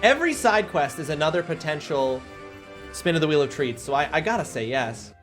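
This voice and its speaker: A man's voice: a little high, animated, a little fast, fairly bright tone, faint music behind. A man streaming a video game live, chatting upbeat with viewers and thanking them energetically. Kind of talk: casual live stream chat.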